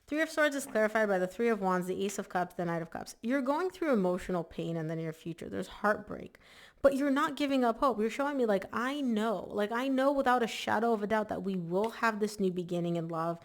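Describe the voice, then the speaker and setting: A woman's voice: medium pitch, brisk. A woman giving a casual, chatty tarot reading to camera, emphatic and full of "like" fillers. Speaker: tarot reader.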